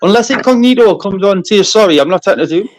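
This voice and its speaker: A man's voice: high voice, expressive, rapid-fire, dry recording, rough recording. A man bantering crudely and swearing freely in casual live-stream chat.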